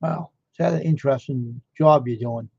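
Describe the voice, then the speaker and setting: A man's voice: mid-range voice, moderate pace, gravelly, a little mellow, husky, dry recording. A man chatting casually on a live stream, rambling and amazed, firing off one question after another. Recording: dull lo-fi dry sound.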